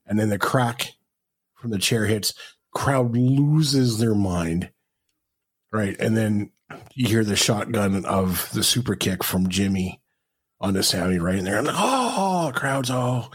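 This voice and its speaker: A man's voice: fairly low pitch, a little slow, slightly rough. A man co-hosting a podcast, retelling a match in casual chat and acting out the crowd's reactions. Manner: animated storytelling, acts out crowd reactions. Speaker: podcast co-host.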